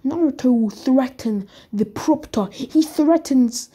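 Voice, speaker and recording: A young woman casually retelling a fan-fiction story as a YouTuber, rambling in a soft, whispery way. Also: high voice, slow, husky.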